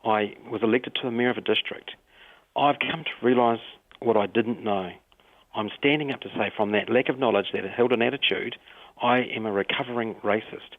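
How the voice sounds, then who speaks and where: A mayor from New Zealand with a New Zealand accent, speaking passionately and emotionally in a radio interview over the phone. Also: male voice, medium pitch, moderate pace. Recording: tinny phone line.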